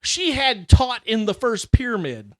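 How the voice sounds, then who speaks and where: A man's voice: very high-pitched, a little slow, no room sound. Middle-aged guy telling school stories, swears a lot, dry close mic. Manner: animated storyteller, exaggerated jokes, swears freely. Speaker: podcast co-host. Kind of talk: casual chat.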